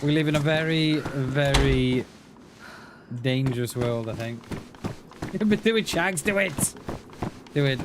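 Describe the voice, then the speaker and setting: Unhurried male streamer, matey and rambling, game sounds clearly under the voice. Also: mid-range voice. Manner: rambling, chummy, addresses chat as mate and buddy. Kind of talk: casual live-stream chat while playing. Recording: clear game noise behind the voice.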